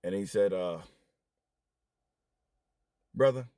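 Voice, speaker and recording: Animated man telling a comic story. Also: normal speed, no room sound, clean studio sound. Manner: animated, jumps into squeaky high voices when quoting. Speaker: comedic storyteller. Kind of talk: comedic storytelling monologue.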